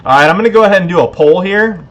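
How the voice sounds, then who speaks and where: A man's voice: sits high, racing. A man hosting a casual livestream giveaway, laid-back, a bit tipsy and laughing often. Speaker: livestream host.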